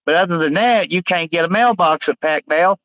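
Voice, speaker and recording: A man hosting a casual live stream, rambling with many halting fillers as he reads out viewer comments. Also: fairly high pitch, a bit bright, dry recording, poor audio.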